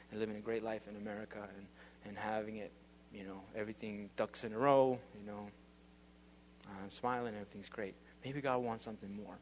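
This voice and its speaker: A man's voice: medium pitch, slight background noise. A man giving a casual, earnest spoken testimony as a youth minister, rambling with many fillers and restarts.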